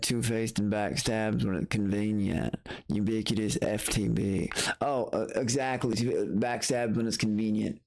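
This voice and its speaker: A middle-aged man talking on a late-night livestream, blunt and profane, circling back over the same points as he rants. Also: lowish voice. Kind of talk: casual late-night stream rant.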